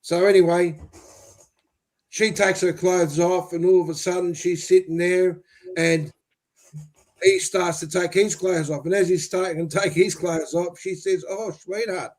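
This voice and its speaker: A man's voice: high-pitched, level tone, a little slow, a little mellow. A man co-hosting a football podcast, telling a crude joke to entertain. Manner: storytelling, cheerful. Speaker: podcast co-host.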